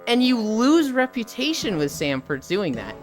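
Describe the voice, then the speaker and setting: A woman's voice: on the high side, big pitch swings, normal speed, faint music behind. A young woman streaming live, chatting casually and acting out game characters' lines, on a headset mic.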